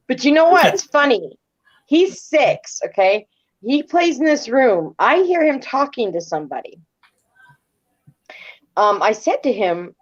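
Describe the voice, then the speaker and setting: A woman's voice: a little high, animated, normal speed, dull audio. A middle-aged woman telling stories casually as an interview guest, rambling and repeating words as she retells events. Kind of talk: casual storytelling.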